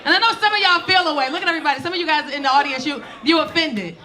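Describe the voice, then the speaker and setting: A stand-up comedian, telling a loud, profane story on stage with punchy delivery. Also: female voice, high voice, racing, some chatter behind. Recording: noisy live club recording. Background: audience laughter.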